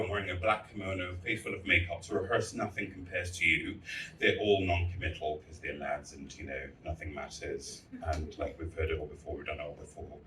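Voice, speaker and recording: A man's voice: low voice, a bit bright, slight background noise. A man giving a candid, storytelling speech to fellow artists, with blunt and crude humor. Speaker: festival speaker. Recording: echoey hall, voice from far off.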